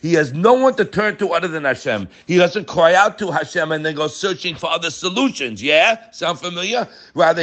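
A man giving an animated Torah talk, emphatic and full of rhetorical questions, mixing Hebrew terms into English. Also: medium pitch. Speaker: rabbi giving a Torah class.

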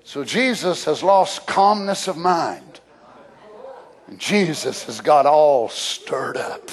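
A man preaching a sermon, swinging from shouts to whispers. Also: a little high, animated, slow.

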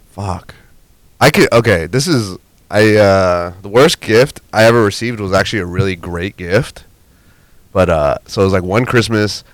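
A man's voice: sits low, dry recording. A man co-hosting a podcast, rambling and giggly, with frequent restarts. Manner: rambling, giggly, self-correcting. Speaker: podcast co-host. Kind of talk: casual podcast banter.

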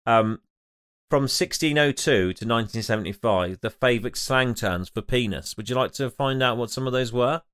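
Guy co-hosting a podcast, smooth clear voice, rambly and giggly. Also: medium pitch, moderate pace, a bit bright. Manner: laughs often, rambling, restarts. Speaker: podcast co-host. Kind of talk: casual banter.

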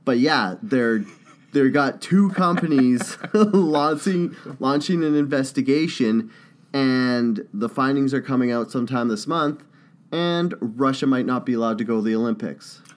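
A man's voice: mid-range voice, a little slow. A man co-hosting a podcast in casual chat, rambling and joking with plenty of swearing. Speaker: podcast co-host.

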